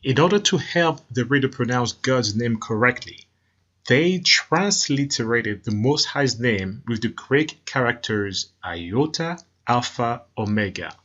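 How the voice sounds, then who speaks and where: A man giving scripted documentary narration in a measured, explanatory reading. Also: medium pitch, lively intonation, fairly bright tone. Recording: muffled narration over faint music.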